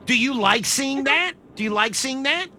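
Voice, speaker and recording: Bright, high-voiced man hosting morning radio. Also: expressive, slight background noise. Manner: playful, joking, quick questions. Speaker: radio host.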